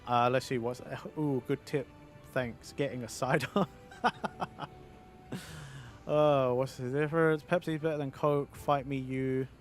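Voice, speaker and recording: Rambling British man chatting on stream. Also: mid-range voice. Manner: rambling, swears, answers chat. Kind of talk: casual gaming stream chat.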